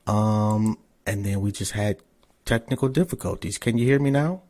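A man's voice: on the low side, normal speed, darkish tone. A man hosting a podcast, talking loosely and cursing casually. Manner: loose, profane, chatty. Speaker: podcast host. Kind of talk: casual interview chat.

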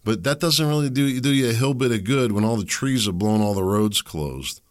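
A man's voice: medium pitch, expressive, normal speed. A man hosting a solo commentary show, rambling and opinionated, with sardonic asides. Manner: rambling, opinionated, sardonic, with mocking put-on quotes. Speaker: podcast host.

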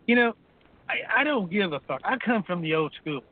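A man's voice: sits high, lively intonation, normal speed. A man in his fifties on a call-in show, ranting crudely and combatively, with "okay" tacked onto nearly every line. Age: 50s. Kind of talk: profane ranting talk radio. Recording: phone-line audio.

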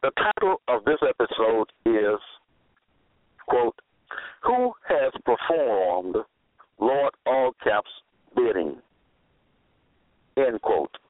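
Male preacher, unhurried and emphatic, heard over a thin phone-like line. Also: medium pitch, animated, dry recording. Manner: deliberate, spells words out, repeats phrases for emphasis. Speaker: religious preacher. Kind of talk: slow scripture-quoting sermon monologue. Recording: tinny phone-line audio, dry.

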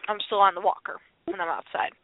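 A woman's voice: mid-range voice, fairly even intonation, fast, creaky, dry recording. A woman chatting casually as a podcast co-host, telling a long rambling story with frequent laughs and restarts. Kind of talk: casual chat. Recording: tinny phone-line audio, dry.

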